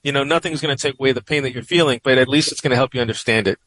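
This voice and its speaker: Man doing a laid-back male camper from New York, consoling tone, mid pitch. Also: racing, fairly bright tone, dry recording, close to an everyday voice.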